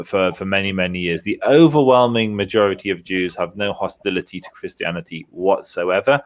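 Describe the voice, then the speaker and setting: A man speaking as a guest on a panel, explaining his views in a measured, thoughtful way. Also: fairly low pitch. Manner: measured, thoughtful, with fillers and restarts. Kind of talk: conversational explanation.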